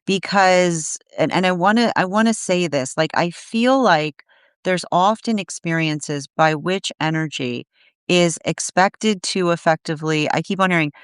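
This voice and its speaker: Woman tarot reader on a live stream; slightly low voice, dry sound; searching delivery full of restarts. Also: measured pace, clear, resonant tone, no room sound. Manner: searching, restarts often, tags lines with "right?". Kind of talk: live-streamed energy reading.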